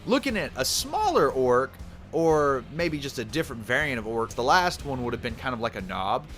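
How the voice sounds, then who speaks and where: A man giving a casual, energetic tutorial on doing character voices. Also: medium pitch, moderate pace, faint music behind. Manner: energetic, chatty. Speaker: voice actor teaching a tutorial.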